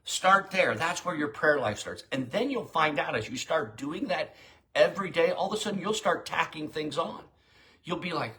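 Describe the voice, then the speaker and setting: A man's voice: a little high, expressive, normal speed, pushed and bright. A middle-aged man preaching a short daily devotional in a folksy, direct, exhorting way.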